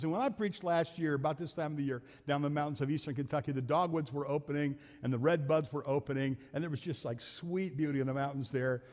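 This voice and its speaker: Middle-aged man, pastor, folksy sermon with emphatic peaks; slightly high voice, long church-hall reverb. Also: fast talker, hardly any pauses. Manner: folksy, builds to loud emphatic peaks with quips. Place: church sanctuary.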